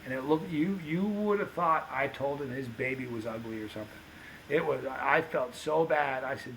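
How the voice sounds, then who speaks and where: A man telling stories on a podcast, animated and acting out the dialogue of the people in them. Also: mid-range voice, normal speed, slight background noise, poor audio. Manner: animated anecdote-teller, acts out quoted dialogue. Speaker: podcast guest, pepper show host. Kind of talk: casual storytelling.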